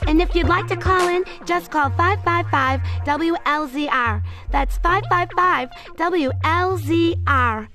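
A young woman plays a fretful teenage girl who stumbles through her first radio advice show, with a high voice and hesitant fillers. Soft music hums behind her in this audio drama. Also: measured pace, hardly any pauses, exaggerated voice. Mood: chatty.

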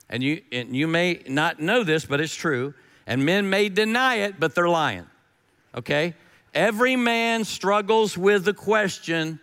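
Folksy middle-aged preacher. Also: male voice, sits high, a bit bright, big-room sound. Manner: folksy, emphatic, repeats key phrases. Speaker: pastor. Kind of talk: sermon.

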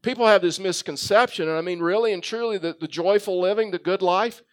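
A man's voice: high voice, brisk. A man preaching a sermon, telling a story with frequent fillers and restarts. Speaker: pastor.

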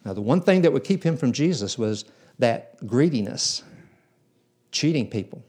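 A man's voice: mid-range voice, expressive, normal speed, darkish tone, slightly rough. A man preaching a sermon in a church, telling Bible stories in a folksy way and acting out the characters. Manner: folksy storytelling, acts out biblical characters.

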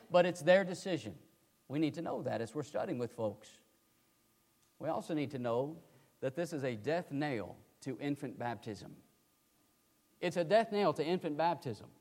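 An older man preaching a sermon, emphatic, swinging from loud pleading to quiet asides. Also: high-pitched. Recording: long hall reverb.

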